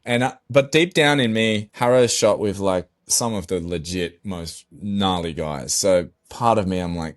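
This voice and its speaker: A middle-aged man, a pro surfer guest on a podcast, telling a story in a casual, animated way, swearing and acting out his own dialogue. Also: fairly low pitch, moderate pace.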